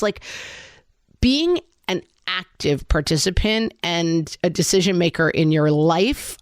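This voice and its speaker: A woman's voice: fairly low pitch, no echo, studio quality. A woman co-hosting a podcast about motherhood, thinking aloud in casual chat with many "like" fillers.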